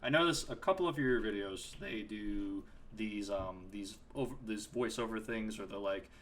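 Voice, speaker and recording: A man's voice: fairly low pitch, moderate pace, fairly bright tone, slight background noise. A man hosting a podcast interview, hesitant and fumbling for his words. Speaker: podcast host. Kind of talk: casual interview.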